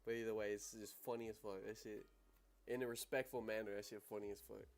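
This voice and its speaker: A man's voice: on the low side, level tone, fast talker. A young man hosting a livestream on trading, talking casually in slang and laughing often.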